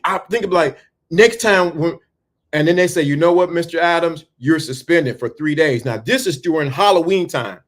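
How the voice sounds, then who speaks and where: A man telling a story in a talk, animated and full of stammering restarts. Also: a little high. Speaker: speaker.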